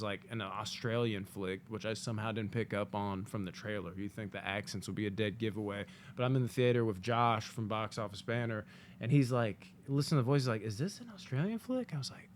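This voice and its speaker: A man from the United States giving a casual spoken movie review, animated and profane, acting out quotes in jokey asides. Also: on the low side, a little hiss or hum.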